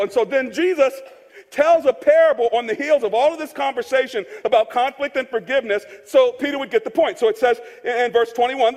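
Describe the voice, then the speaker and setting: High-voiced pastor in a reverberant hall. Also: male voice, fast, a little mellow. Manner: conversational, joking, repeats key phrases for emphasis. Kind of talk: sermon. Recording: long reverb of a large hall.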